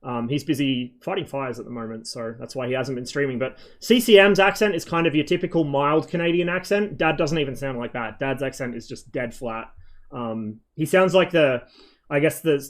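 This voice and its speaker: A man's voice: medium pitch, a little fast. A man streaming a flight game, chatting in a loose, rambling way with frequent swearing and plenty of ums. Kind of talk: casual rambling stream chat.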